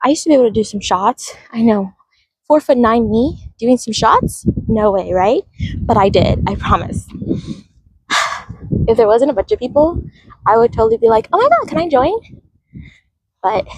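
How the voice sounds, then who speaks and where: Breathy, lively woman chatting on a walk. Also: a little high, normal speed, pauses often, no echo, low-quality recording. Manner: chatty, greets viewers by name, laughs easily. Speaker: livestreamer. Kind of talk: casual livestream chat. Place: outdoors in a park, walking.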